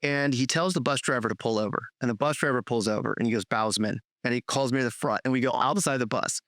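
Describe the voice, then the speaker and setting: A middle-aged man hosting a podcast, telling long stories in a loose, profane, animated way with many restarts. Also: mid-range voice, fast talker, dry recording, clean studio sound. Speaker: podcast host, filmmaker. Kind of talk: casual storytelling chat.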